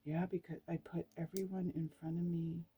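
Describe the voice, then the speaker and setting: A woman's voice: on the low side, level tone, moderate pace, dark tone, husky. A woman vlogger reading scripture aloud and reacting with emotional spiritual exclamations.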